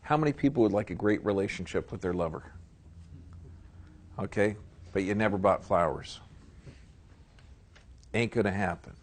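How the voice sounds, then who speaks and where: A man giving a live seminar lecture, folksy and emphatic, often checking in with his audience. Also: lowish voice. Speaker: seminar speaker.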